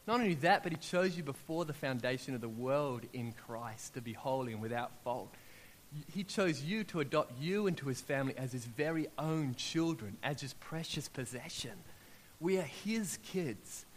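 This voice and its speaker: A man, preaching a sermon in an animated, storytelling way, acting out his own prayers as he goes. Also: medium pitch, moderate pace, slight background noise.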